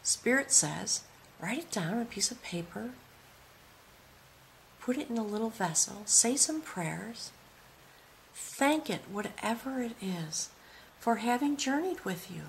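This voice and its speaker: A woman giving a spoken tarot reading, talking in an awed, reverent way and sometimes dropping to a soft whisper. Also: fairly high pitch, expressive, a little slow, creaky, pauses often, slight background noise. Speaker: tarot reader.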